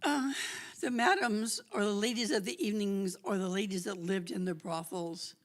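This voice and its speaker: A woman telling a lively story at a church talk, chatty and laughing often. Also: mid-range voice, normal speed. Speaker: guest speaker.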